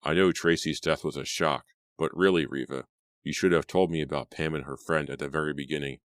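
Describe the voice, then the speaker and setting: A man playing a stern middle-aged father who speaks in measured warnings. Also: a bass voice, steady tone, dry recording, studio quality.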